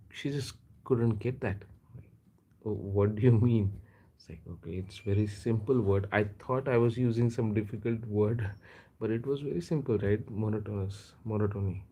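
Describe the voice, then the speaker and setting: A man from India hosting a casual live stream, chatting in a rambling way and often pausing to hesitate and correct himself. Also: on the low side, warm tone, slight background noise. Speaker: livestream host.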